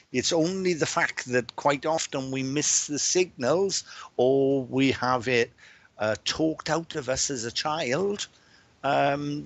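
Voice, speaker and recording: A Welsh man with a mid-range voice, a medium, hosts a livestream and chats casually, greeting viewers by name. He often repeats words and restarts his sentences.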